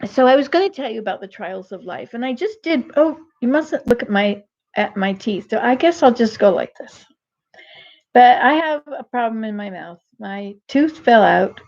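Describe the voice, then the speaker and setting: An older woman talks to her viewers in a folksy live-stream monologue, wandering from one thought to the next and restarting her sentences often. Her voice sits a little high. The webcam audio is dull and muffled. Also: expressive, normal speed, darkish tone. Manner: rambling, digressive, many restarts. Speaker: vlogger.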